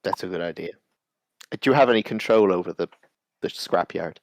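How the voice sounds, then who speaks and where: A man's voice: sits low, a little fast, no room sound. A man playing a tabletop role-playing game, speaking in a hesitant, stammering way. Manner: hesitant, stammering, laughing often. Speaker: player. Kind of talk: casual tabletop role-play.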